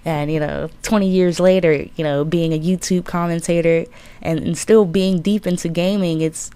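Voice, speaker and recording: A woman in her twenties tells a childhood gaming story in a loose, swearing, animated vlog voice. Her pitch sits a little low for a woman, and she acts out the lines she quotes. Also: normal speed, clear, resonant tone, no echo. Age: 20s. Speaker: YouTube gaming commentator.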